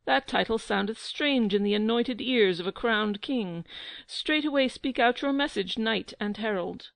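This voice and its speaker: A woman reading the part of a pompous, quick-tempered tyrant king who roars his orders. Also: a little high, vocal fry, no echo. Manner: roaring, pompous.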